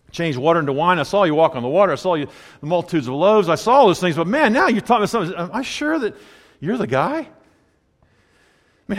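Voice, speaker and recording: Male pastor, sermon; conversational, wry, slightly higher voice, reverberant church hall. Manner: conversational, wry, animated asides.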